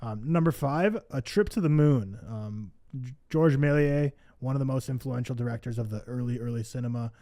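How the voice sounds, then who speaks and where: A man's voice: mid-range voice, moderate pace, mellow, no echo, studio quality. A man co-hosting a casual movie podcast, talking enthusiastically with lots of "like". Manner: enthusiastic, filler-heavy. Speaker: podcast co-host. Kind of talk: casual movie-ranking chat.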